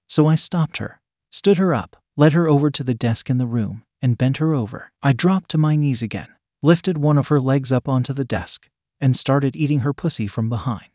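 A man narrates an erotic story in the first person, calm and even in his delivery. His voice sits at an ordinary middle pitch for a man. The recording is dry and close, with no room sound. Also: moderate pace, no room sound.

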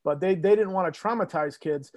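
A high-pitched, brisk man in his fifties from New England reminisces as a guest on a podcast, where he is the host's father or uncle. His chat is casual and rambling, full of fillers, with no room sound.

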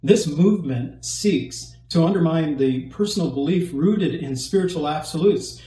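Pastor, male, slightly high mellow voice, emphatic sermon delivery, roomy echo. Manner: emphatic preaching with rhetorical questions and pauses.

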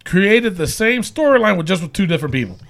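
A man co-hosting a podcast, recapping wrestling shows in casual chat, animated and laughing often. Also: high voice, quick pace, vocal fry. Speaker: podcast co-host.

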